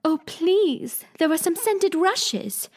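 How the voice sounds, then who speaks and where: A woman's voice: high voice, very animated, normal speed, darkish tone, pitched above the performer's own voice. A woman reading aloud, voicing a polite, earnest little girl in a storybook. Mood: earnest, wondering.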